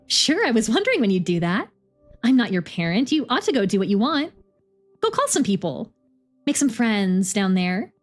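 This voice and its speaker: A woman's voice: a little high, big pitch swings, moderate pace, soft background music. A woman voicing a space probe, a cheerful, encouraging older sister. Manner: upbeat, coaxing, encouraging.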